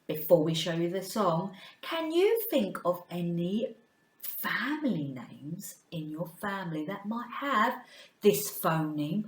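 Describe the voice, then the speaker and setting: A woman's voice: fairly low pitch, very animated, measured pace, reverberant. A woman teacher leading a children's phonics lesson, playful and coaxing, chatting to a puppet and often dropping to a whisper.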